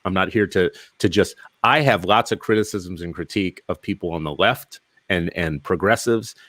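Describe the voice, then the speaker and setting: A man's voice: low-pitched, moderate pace, fairly bright tone, no echo. A male podcast host in casual interview conversation, talking emphatically and firing off rhetorical questions.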